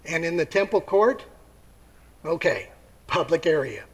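A man preaching a sermon, telling the story with lively acted-out voices and asking his listeners questions. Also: fairly high pitch, measured pace, poor audio. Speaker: pastor.

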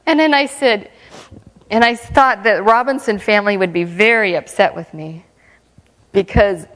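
A woman giving a lively, humorous mission testimony at church, often breaking into laughter. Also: mid-range voice, moderate pace, in a large hall.

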